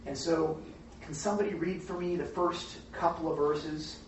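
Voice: medium pitch, fairly even intonation, moderate pace, a little hiss or hum. A Bible study teacher talking casually and animatedly to a group, often asking them questions. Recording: very echoey room, distant mic, dull sound.

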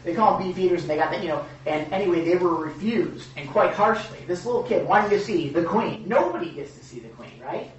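A man's voice: sits high, animated, brisk, hardly any pauses, muffled recording, slight background noise. A man preaching a sermon in a conversational, rambling way, often checking in with his listeners. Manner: conversational, rambling with restarts and rhetorical "right?". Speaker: pastor. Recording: echoey room, mic far off.

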